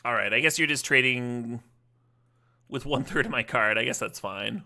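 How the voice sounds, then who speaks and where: Playful male streamer with a gravelly edge. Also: medium pitch, normal speed, pushed and bright. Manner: playful, laughs often, chats to viewers. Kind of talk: casual live-stream game commentary.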